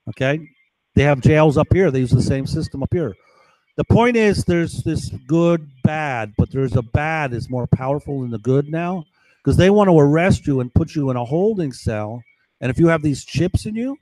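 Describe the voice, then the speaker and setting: Brief: a man ranting to camera, profane and repetitive, slightly high voice, dead-dry sound. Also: darkish tone, dry recording, poor audio. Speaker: vlogger. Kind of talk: rambling monologue to camera.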